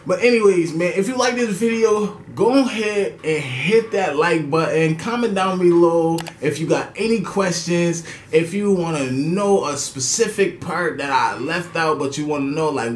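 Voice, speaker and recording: High-voiced New guy in an echoey room. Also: a little hiss or hum. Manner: slangy, profane, animated with laughs. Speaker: storytelling vlogger. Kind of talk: casual story time.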